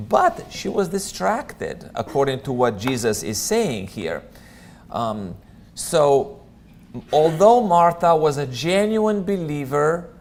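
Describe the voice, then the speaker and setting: A man's voice: medium pitch, slight background noise. A man teaching a Bible class in a church, talking casually with lots of ums and friendly asides. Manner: conversational, many ums, chatty asides. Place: church room.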